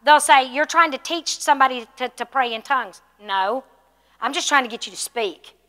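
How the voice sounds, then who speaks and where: A high, bright woman's voice carries through a church hall with a long, echoing tail. She teaches a class like a pastor, talking it through and checking in with her listeners. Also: expressive, normal speed. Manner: conversational, asks the room questions. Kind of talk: sermon teaching.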